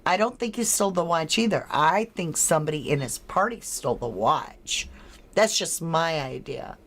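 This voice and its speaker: A woman's voice: sits low, lively intonation, fairly bright tone. A woman hosting a true-crime livestream, chatting with viewers, reading their comments aloud and running a poll, laughing often. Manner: chatty and unhurried, laughs often, drawn-out words. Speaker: livestream host.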